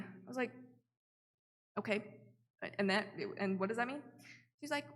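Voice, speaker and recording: A woman's voice: a little high, lively intonation, normal speed, long pauses. Chatty young woman in a church hall. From Oklahoma. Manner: chatty, acts out her own quotes, many "like" fillers. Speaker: missionary giving a report. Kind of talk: storytelling church talk. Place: church sanctuary.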